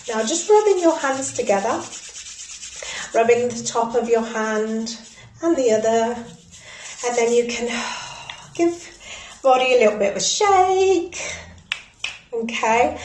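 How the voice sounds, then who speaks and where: A woman leading a guided breathwork and ritual session in a soothing, gently instructive way. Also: fairly high pitch, slight background noise. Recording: echoey room.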